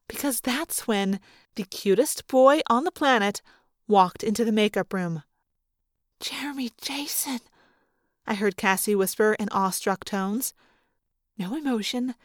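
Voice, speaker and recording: A woman narrating a first-person audiobook in an expressive, lively way. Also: medium pitch, dry recording, clean studio sound. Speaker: audiobook reader.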